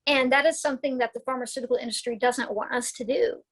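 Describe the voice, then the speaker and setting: A woman's voice: sits high, fairly even intonation, quick pace, poor audio. A woman herbalist talking as a guest in a casual interview while she recovers from a concussion. She rambles in a chatty way, with many restarts, and laughs often.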